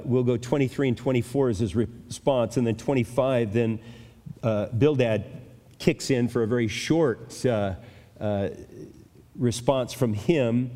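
An older male pastor teaching a Bible passage in a conversational sermon, pausing and restarting as he thinks aloud. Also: mid-range voice, warm tone. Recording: long reverb of a large hall.

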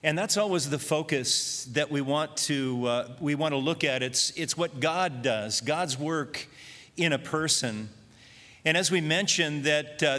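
Bright-voiced preacher in an echoing hall. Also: male voice, on the high side. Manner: earnest, reflective storytelling. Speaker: pastor. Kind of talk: sermon. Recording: long reverb of a large hall.

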